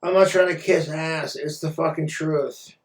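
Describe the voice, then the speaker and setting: A man's voice: fairly high pitch, fairly even intonation, unhurried. A man ranting on his own vlog in a crude, blunt way, swearing freely. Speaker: vlogger. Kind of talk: profane casual rant. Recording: roomy echo, far from mic.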